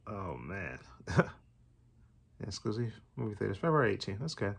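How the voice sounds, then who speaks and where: A middle-aged man with a slightly low voice talks through his thoughts after a movie trailer. He rambles, restarts his sentences and chuckles often in a relaxed, chatty way. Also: normal speed, creaky, slightly rough. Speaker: trailer reaction channel host. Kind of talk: casual reaction commentary.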